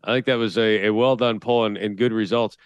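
A man's voice: fairly low pitch, steady tone, fairly quick, clean tone, no room sound, dull audio. A man co-hosting a sports talk podcast, joking and teasing his co-host and reading out listener poll results.

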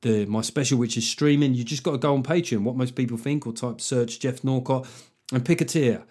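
A man talking alone into the mic as the host of his comedy podcast. He rambles in a loose, sardonic way, breaking into puns and quick mock voices. His voice sits at an ordinary male pitch. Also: darkish tone, breathy edge. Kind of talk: solo comedic podcast monologue.

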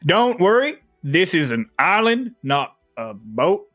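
A man's voice: sits high, big pitch swings, slow, fairly bright tone, dry recording. A man with a slightly raised voice leads a tabletop game in a loose, joking way, laughing between lines and swearing freely. The sound is dry and close, with faint music underneath. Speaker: game master.

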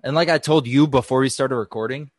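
Profane, excitable young podcast guy. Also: medium pitch, fairly quick, dry recording, clean studio sound. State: sweaty from a hot room. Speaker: podcast co-host. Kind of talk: casual chat. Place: small hot room.

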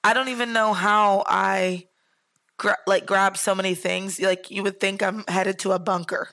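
A woman's voice: medium pitch, unhurried, dry recording. A woman from Central Florida with its accent, co-hosting a podcast in casual chat and telling stories with lots of laughter and swearing. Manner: animated storyteller, laughs often, swears freely. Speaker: podcast co-host.

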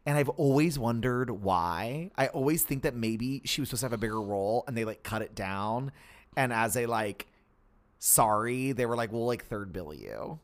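Male podcast co-host, casual chat, lively animated delivery, chatty with lots of fillers. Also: medium pitch, normal speed.

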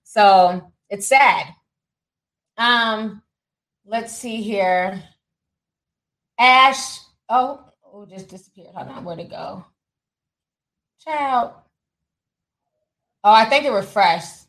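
A woman with a mid-range, slightly bright voice drags out her words and leaves long pauses, heard through poor audio. She hosts a casual gossip livestream, reading super chats aloud with sassy asides, laughing often and calling people "honey" and "child."

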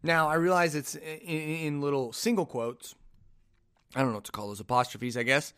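A man with a slightly higher-than-average voice chats casually as a podcast host. He sounds animated and incredulous, often firing off rhetorical questions. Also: normal speed, clean tone. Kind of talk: casual solo podcast chat.

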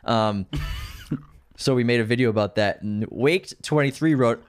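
A man co-hosting a podcast in casual chat, relaxed and often laughing as he runs a movie quiz. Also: medium pitch, a little fast, smooth, no echo. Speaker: podcast co-host.

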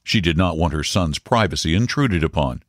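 Deep voiced guy reading a story, really expressive, dry close mic. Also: dry recording. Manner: measured, slowing for suspense. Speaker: narrator.

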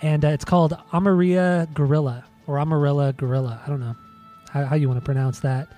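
A relaxed man chats on a podcast in a loose, teasing way, swearing now and then. His voice is mellow and a little high. Faint music plays underneath. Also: fast. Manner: laid-back, swearing, teasing. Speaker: podcast co-host. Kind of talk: casual chat.

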